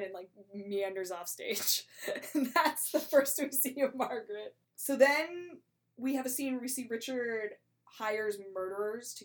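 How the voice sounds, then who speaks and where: A woman in a casual chat, retelling a play in a chatty, animated way and acting out the characters' lines. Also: mid-range voice.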